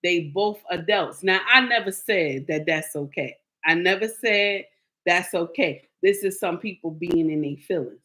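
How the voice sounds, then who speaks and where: A woman vlogging casual commentary, telling stories in an animated, emphatic way. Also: fairly low pitch, a little slow.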